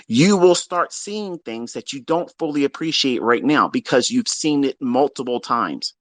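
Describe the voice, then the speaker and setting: A man's voice: medium pitch, animated, moderate pace, hardly any pauses, dry recording. A man giving a profane, exasperated lecture on trading to his livestream viewers. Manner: mocks listeners in put-on quotes. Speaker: trading educator.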